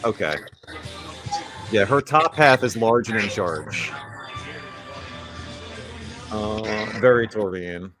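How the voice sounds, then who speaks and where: A man's voice: fairly low pitch, slow, long pauses, music in the background. A man hosting a casual livestream chat, laid-back and teasing with crude banter. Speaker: host.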